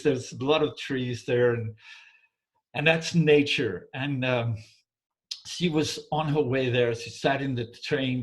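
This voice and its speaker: This man from Denmark, speaking in a mid-range voice, relates a traditional folk tale in English. His delivery halts and circles back over repeated words, and he keeps pausing to make sure his listener is with him.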